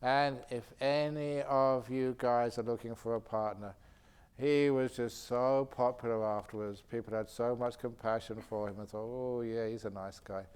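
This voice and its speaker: Male Buddhist teacher, retreat Q&A, chatty anecdotal delivery, average pitch. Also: normal speed, clean tone. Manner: animated anecdotal storytelling with frequent laughter. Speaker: Buddhist monk and meditation teacher. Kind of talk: retreat question-and-answer talk. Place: meditation retreat centre hall.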